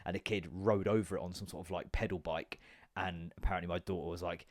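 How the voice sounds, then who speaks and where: Jokey, sweary podcast host. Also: male voice, low-pitched, steady tone, fast talker, dry recording, studio quality. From United Kingdom. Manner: jokey, swearing, rambling asides; comedic, stand-up performer. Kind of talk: casual chat.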